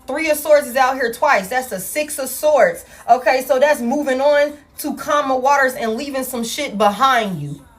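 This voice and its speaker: A woman's voice: high-pitched, moderate pace. Blunt, profane woman reading tarot cards. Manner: blunt and profane, addresses viewers as y'all. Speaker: tarot reader. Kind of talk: casual tarot reading monologue. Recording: soft music in the background.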